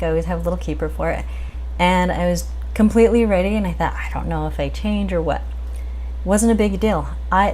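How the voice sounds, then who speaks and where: A woman's voice: fairly low pitch, darkish tone, a little hiss or hum. A woman vlogger telling a personal story in a chatty, upbeat way with the odd laugh. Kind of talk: casual chat.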